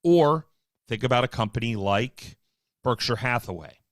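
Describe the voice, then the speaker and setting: A man hosting a live stock market show, talking casually with wry, offhand asides and quick bursts. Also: medium pitch, animated, no room sound, clean studio sound. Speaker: market livestream host.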